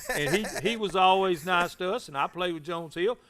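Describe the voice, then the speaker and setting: A man reminiscing about his playing days in a slow, reflective way, often repeating words. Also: sits high, fairly bright tone. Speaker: guest. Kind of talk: casual reminiscing.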